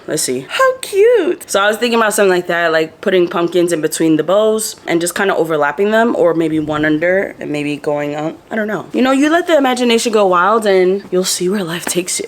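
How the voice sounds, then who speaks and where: A young woman from Florida chatting casually to her viewers as she shows off a haul of finds. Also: on the low side. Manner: chatty, animated, talks to viewers directly. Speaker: lifestyle vlogger.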